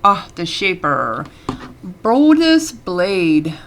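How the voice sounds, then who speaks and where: A woman's voice: on the low side, very animated, drawn-out words, a bit bright, a little hiss or hum. A woman casually commenting on a game she is playing, chatty and reading the game text aloud between fillers. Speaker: let's play gamer.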